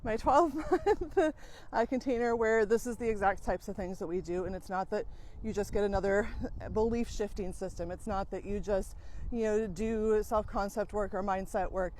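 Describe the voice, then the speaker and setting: A woman's voice: mid-range voice, fairly even intonation, moderate pace, a little mellow, a little hiss or hum. Frank, swearing woman life coach. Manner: frank, swears casually, many fillers. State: out of breath. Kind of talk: casual monologue to camera.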